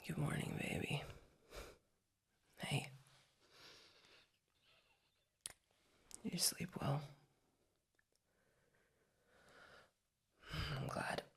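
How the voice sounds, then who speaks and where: Girl doing a whispered role-play gf, young adult, raspy fry-heavy voice, rambles and restarts a lot. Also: low-pitched, expressive, unhurried, darkish tone, heavily acted. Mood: sleepy, tender. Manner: rambling, hesitant, full of "like" and restarts. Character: young adult woman, affectionate rambling girlfriend. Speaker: girlfriend.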